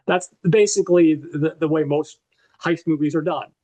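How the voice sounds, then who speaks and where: A man's voice: on the high side, steady tone, moderate pace, dark tone. A man co-hosting a podcast, animatedly retelling a movie plot in a casual, profane way with lots of fillers. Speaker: podcast co-host.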